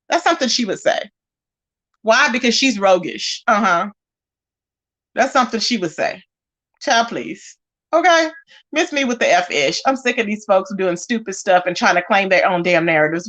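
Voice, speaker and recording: A woman hosting a livestream, reading chat comments and calling people out in casual commentary. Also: fairly high pitch. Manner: animated, talks straight to chat and calls people out. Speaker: livestream host.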